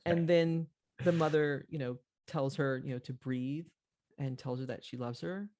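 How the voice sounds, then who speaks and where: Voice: mid-range voice, steady tone, moderate pace, darkish tone. A podcast host telling a story in an earnest, reflective conversational way, with frequent fillers.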